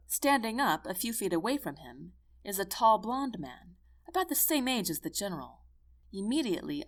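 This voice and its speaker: A woman narrating a first-person audiobook in an earnest, expressive storytelling manner. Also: mid-range voice.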